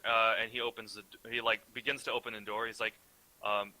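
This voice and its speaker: A man's voice: on the low side, level tone, fairly quick, sharp tone, low-quality recording. A young man narrating as game master, rambling and correcting himself as he goes, with casual swearing.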